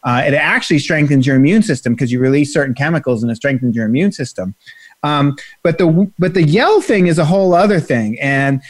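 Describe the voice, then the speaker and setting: A man guest in an interview explains breathwork in an earnest, talkative manner. His voice sits fairly high for a man, and the sound is dry and close, with no room echo. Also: expressive, a little fast. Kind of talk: conversational interview.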